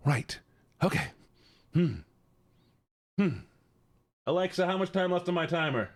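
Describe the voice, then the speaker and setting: A man's voice: high-pitched, takes it slowly, pauses often. A man streaming live, chatting casually and joking with his viewers. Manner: laid-back, joking, talking to chat.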